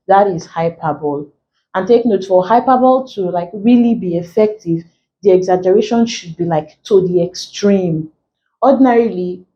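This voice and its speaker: A woman teacher giving an exam-prep lesson, explaining slowly, repeating key phrases and filling gaps with "like.". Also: on the low side, mellow, lo-fi sound, slight background noise. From Nigeria.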